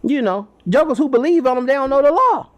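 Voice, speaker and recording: Man doing a snooty pharisee voice, pitched up high, ranting and sneering at everybody. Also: animated, fast, lo-fi sound. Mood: scornful. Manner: mocking, dismissive ranting. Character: arrogant male Pharisee, scornful and self-important.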